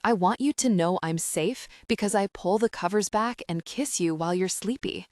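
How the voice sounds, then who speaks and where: A woman reading an audiobook, voicing a tender, devoted young man who speaks softly and earnestly. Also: mid-range voice, moderate pace, dry recording, studio quality, lightly acted. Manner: soft, hushed and earnest. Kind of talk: audiobook narration.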